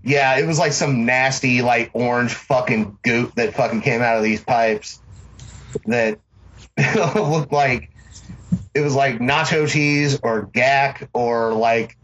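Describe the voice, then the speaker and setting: A man's voice: medium pitch, slow, fairly bright tone. A man casually mocking a movie on a podcast, rambling and swearing often. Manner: sarcastic, rambling, swears often, laughs a lot. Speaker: podcast co-host. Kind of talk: casual profane movie-review chat. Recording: slightly dull lo-fi sound with faint noise.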